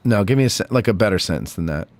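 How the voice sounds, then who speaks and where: A man's voice: lowish voice, animated, fast, no room sound. A man hosting an interview in the studio, playful and teasing as he talks. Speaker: podcast host. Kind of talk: casual interview chat.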